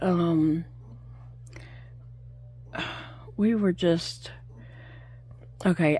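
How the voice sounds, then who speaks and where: A middle-aged crochet vlogger chats casually at home while she crochets, telling stories and laughing often. Her voice is on the low side and a little mellow, with no echo.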